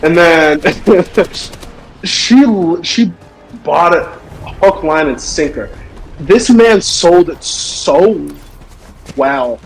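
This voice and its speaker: A man's voice: fairly high pitch, expressive, very slow, long pauses, faint music behind. A young man streaming, telling a funny story in casual chat and laughing often. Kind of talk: casual storytelling while gaming.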